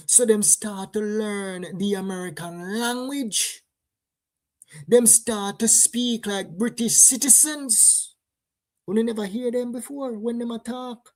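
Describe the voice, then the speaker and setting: Jamaican woman, news commentary host, unhurried and emphatic delivery. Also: on the high side. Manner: animated, emphatic, drops into patois. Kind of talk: casual commentary in patois.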